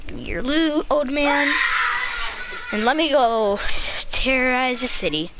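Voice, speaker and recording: High-voiced excitable gamer woman. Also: a little slow, very noisy. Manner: chaotic, yelling bursts and laughing asides. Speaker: gameplay commentator. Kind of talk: excited gameplay commentary.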